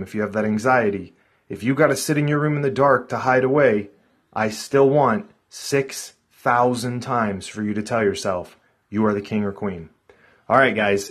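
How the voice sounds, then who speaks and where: Profane, blunt husky-voiced man. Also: mid-range voice. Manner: blunt, profane, pep-talk delivery. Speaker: vlogger. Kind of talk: casual motivational talk to camera.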